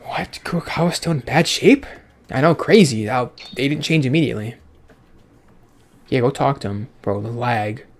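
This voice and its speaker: A man's voice: medium pitch, normal speed, slight background noise. Sarcastic, profane man doing game commentary. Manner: sarcastic, profane, reacting aloud to game dialogue. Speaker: let's play gamer. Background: faint game music.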